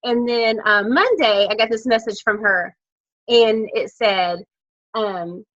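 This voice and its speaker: Chatty woman team leader, bright voice, dry dull call audio. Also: fairly high pitch, normal speed, no room sound. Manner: chatty, candid, lively storytelling. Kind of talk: casual coaching talk on a video call. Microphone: laptop video call mic.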